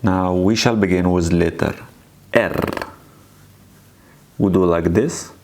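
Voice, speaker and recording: A man's voice: low voice, slow, darkish tone, a little hiss or hum. A man teaching a language lesson, explaining in simple sentences and repeating each sound and word several times for learners to echo. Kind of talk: slow, patient alphabet lesson.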